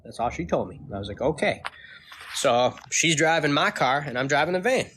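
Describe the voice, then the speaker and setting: A man's voice: a little high, sing-song, fairly quick, sharp tone, a little hiss or hum. Profane ranting man telling a story. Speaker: vlogger. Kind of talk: casual ranting vlog. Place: California.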